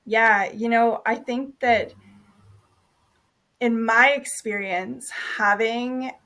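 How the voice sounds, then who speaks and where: A woman birth worker answering interview questions in a calm, measured, gentle way. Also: a little high.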